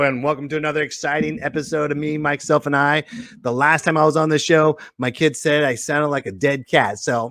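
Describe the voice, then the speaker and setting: A male podcast host opens his show with a rambling, joking monologue and animated energy. His voice sits a touch high and sounds close and dry. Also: normal speed, dry recording. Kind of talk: casual comedic podcast monologue.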